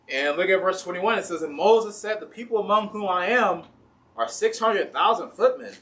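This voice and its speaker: A man with a fairly high voice preaches in a church with an Ohio accent, slipping into plain everyday voices for the complaining crowd and for God. He sits a little back from the microphone, so the room comes through around his words. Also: lively intonation, moderate pace, fairly bright tone, far from the mic. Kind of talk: sermon. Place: church sanctuary.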